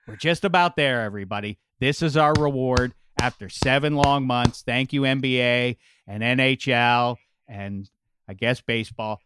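Guy hosting, playful and hammy, smooth clear voice, dry sound. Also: mid-range voice, normal speed, fairly bright tone, no room sound. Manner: playful, mock-dramatic. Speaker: podcast co-host. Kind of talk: casual chat.

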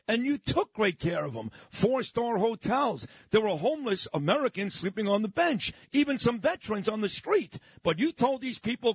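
A man's voice: very high voice, sing-song, moderate pace, slightly rough, no room sound. A male talk radio host in a studio, blunt and fired up as he rails through his monologue and talks with a guest. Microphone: studio microphone.

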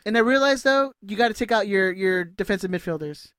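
A man with a high, smooth voice talks loosely and jokingly as a podcast co-host. He reads listener emails with a relaxed, easy manner. The sound is close and dry, with no room around it. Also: fairly quick, dry recording. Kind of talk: casual sports chat.

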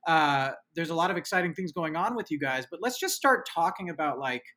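A man hosts a podcast in a playful, chatty way. His voice is bright and forceful. He asks his guest questions and teases her. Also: a little high, lively intonation, a little fast. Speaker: podcast host. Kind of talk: casual chat.

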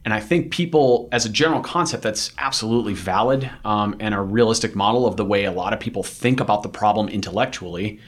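A fairly low-voiced man hosts a casual podcast chat. He talks bluntly and animatedly, and sometimes drops into a put-on voice to act out a quote. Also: fast talker, few pauses. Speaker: podcast host.

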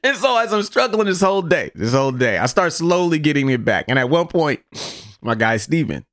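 A man hosting a podcast, telling a story in a casual, animated, profane way. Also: on the high side, fairly quick, dry recording, studio quality. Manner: animated, profane, laughs through his story. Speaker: podcast host.

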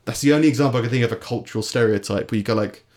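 A man's voice: mid-range voice, racing, a little mellow. An English man co-hosting a podcast in casual chat, sardonic and rambling, often trailing off into mumbles. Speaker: podcast co-host.

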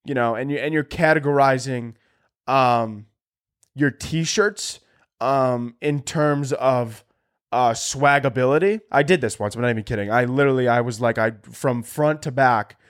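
A young man hosting a comedy podcast, ranting in a sarcastic, profane way, his voice jumping high when he gets worked up. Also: measured pace. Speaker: podcast host.

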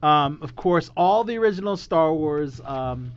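A man hosts a casual podcast chat, voice a little high and rambling along with plenty of fillers and easy laughs. The recording is dull and lo-fi. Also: lively intonation, measured pace, clear, resonant tone. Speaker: podcast host.

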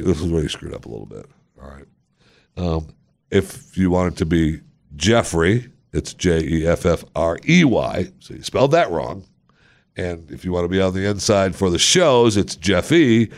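Male podcast host, lowish voice, casual and self-deprecating, playful asides. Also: lively intonation, moderate pace, a little mellow. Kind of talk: casual solo podcast chat reading listener reviews.

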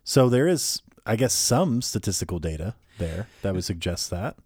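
A man with a fairly low voice talks through his points in a relaxed podcast chat. He often restarts his sentences. The sound is dry and close, with little room echo. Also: normal speed, husky. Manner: conversational, argumentative, trailing restarts. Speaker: podcast co-host. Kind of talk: casual political podcast chat.

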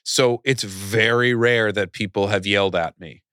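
A man's voice: lowish voice, steady tone, unhurried, fairly bright tone, clean tone, no room sound, studio quality. A middle-aged man chatting as a podcast guest, rambling with many restarts and fillers. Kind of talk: casual podcast conversation.

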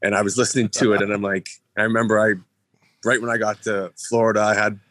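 Halting low-voiced man remembering a friend. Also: little pitch movement, a bit bright, dry recording. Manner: halting, many fillers, heartfelt. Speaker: former teammate. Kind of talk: personal remembrance.

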